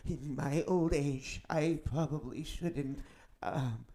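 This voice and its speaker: A man's voice: on the high side, slow, warm tone. A man playing a stammering, flustered old curator. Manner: stammering, fretful, nervous. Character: old flustered male curator, fortune-teller.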